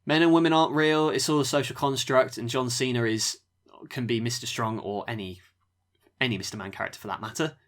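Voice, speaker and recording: A man co-hosting a relaxed podcast conversation. His pitch sits in an ordinary middle range, and his delivery wanders, full of fillers and quick asides. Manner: relaxed, rambling, with fillers and laughs. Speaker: podcast co-host. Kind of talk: casual wrestling review chat.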